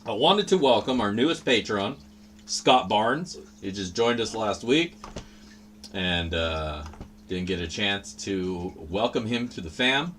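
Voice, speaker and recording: Lively, bright-voiced man rambling casually. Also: on the low side, takes it slowly, a little hiss or hum. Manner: rambling, profane, laid-back. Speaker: livestream host. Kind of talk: casual livestream chat.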